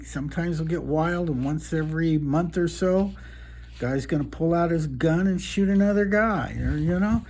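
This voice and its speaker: A man's voice: fairly high pitch, normal speed, a little mellow, slight background noise, lightly acted. A man voicing an older frontier saloon owner who drawls out a warning.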